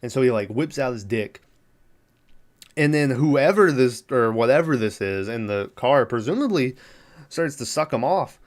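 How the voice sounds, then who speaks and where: A man's voice: mid-range voice, animated, normal speed. Man laughingly recapping a horror film. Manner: rambling, laughing, acting out lines. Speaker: podcast host.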